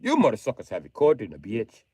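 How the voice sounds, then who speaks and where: Ranting man, lively swooping voice. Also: moderate pace, dry recording, clean studio sound. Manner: ranting, swings into loud high mock pleading. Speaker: livestreamer. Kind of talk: casual profane livestream rant.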